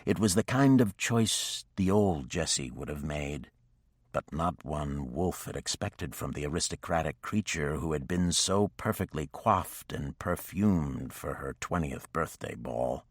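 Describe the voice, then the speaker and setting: A man reading a romance novel aloud in scripted audiobook narration, with a measured, even delivery on a close microphone. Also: rumbling low, husky, dry recording.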